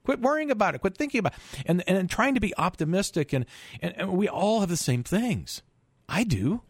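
A man's voice: sits high, very animated, moderate pace, breathy edge, no room sound. A middle-aged man hosting a finance radio show in a studio, talking emphatically with rhetorical questions and stumbling repeats. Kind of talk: call-in radio talk monologue.

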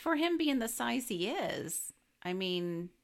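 Brief: playful female co-host, very lively pitch swings, quick to laugh and tease. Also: vocal fry. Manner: giggly and teasing. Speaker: podcast co-host. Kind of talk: casual movie chat.

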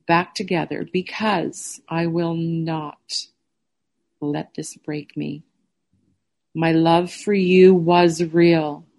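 A middle-aged woman who vlogs, reading a personal letter aloud and speaking to her viewers in a halting, emotional way. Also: low-pitched. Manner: emotional, halting, soft-spoken. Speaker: vlogger.

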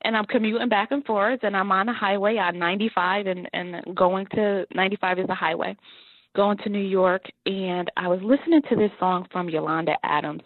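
A woman's voice: medium pitch, brisk, no room sound. Earnest woman on a tinny phone line. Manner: earnest and animated, laughs often. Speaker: guest. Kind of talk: telling her life story in an interview.

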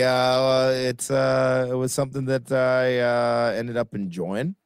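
A man with a Canadian accent co-hosting a podcast, talking sports through in a measured, thoughtful way. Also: mid-range voice, flat delivery, smooth, dry recording, studio quality. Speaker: podcast co-host. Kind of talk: casual sports chat.

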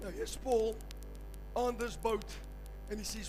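A male preacher giving a fervent sermon at a church service, building to shouts and calling on the congregation. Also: sits high, fairly even intonation, unhurried, over music, low-quality recording.

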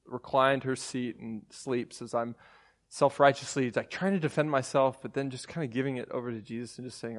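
A man in his thirties preaching, moving from a hushed prayer into a casual, self-deprecating personal story full of fillers and restarts. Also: medium pitch, fairly even intonation, fairly quick. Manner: soft and hushed while praying. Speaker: pastor.

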